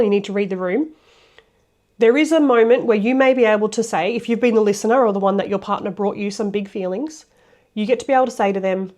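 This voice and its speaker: A woman's voice: a little high, darkish tone. Brief: young woman, relationship coach, blunt and casual, talks straight to camera. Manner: frank and blunt, with casual swearing.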